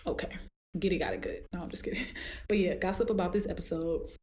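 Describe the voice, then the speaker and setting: A woman hosting a solo podcast as a fitness trainer, talking casually and acting out her clients in high squeaky voices as she tells stories. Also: quick pace. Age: adult with a daughter. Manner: animated storytelling, acts out clients in high voices.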